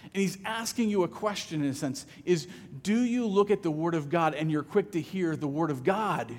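A man's voice: on the high side, moderate pace, darkish tone, in a large hall. A man preaching a sermon as pastor, conversational, often repeating words as he starts a phrase.

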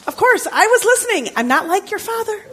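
A woman's voice: very high voice, sing-song, brisk, fairly bright tone, slight background noise, exaggerated voice. A woman playing an exasperated, sarcastic mother in a church skit. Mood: scolding.

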